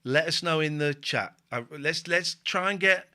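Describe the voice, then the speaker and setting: A man's voice: on the high side, moderate pace. A man hosting a casual livestream from his sofa, joking, swearing and hyping up his viewers. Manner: excitable, jokey and sweary. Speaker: livestream host. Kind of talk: casual live commentary. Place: home living room.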